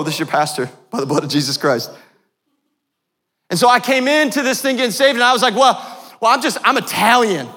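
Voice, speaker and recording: Man, pastor, sermon, high voice, fervent and playful, long church-hall reverb. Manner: passionate preaching that swings from hushed to loud; laughs and jokes with the congregation. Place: church sanctuary.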